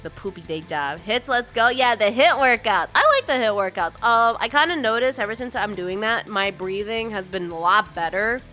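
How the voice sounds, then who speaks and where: Bubbly and chatty, a woman streaming live greets her viewers in a high sing-song and laughs often. She talks at normal speed with few pauses in a pushed, bright voice, over faint music.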